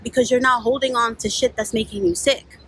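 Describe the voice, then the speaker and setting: A young woman with a fairly high voice tells her own story frankly and with plenty of swearing. She jumps into the voices of the people she quotes, with a thin hiss of noise underneath. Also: fairly quick, poor audio. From New York. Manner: blunt, profane, animated, acts out quoted voices. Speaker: spiritual life coach. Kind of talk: candid personal storytelling.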